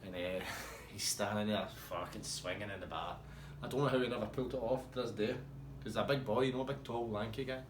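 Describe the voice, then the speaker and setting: A man's voice: fairly low pitch, fairly even intonation, fairly quick, reverberant, slight background noise. A man telling a rambling, swear-heavy anecdote in a casual way. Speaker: storyteller.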